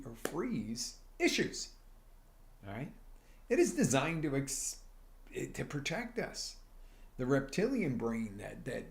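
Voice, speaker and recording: Gravelly-voiced energetic male life coach. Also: medium pitch. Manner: energetic, talks straight to the chat, acts out little scenes. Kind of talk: motivational live stream talk.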